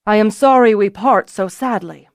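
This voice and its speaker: A woman narrator voicing a dignified middle-aged male lord in a fantasy audiobook, tight and measured with a dry wit. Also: mid-range voice, no room sound, natural voice. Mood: restrained.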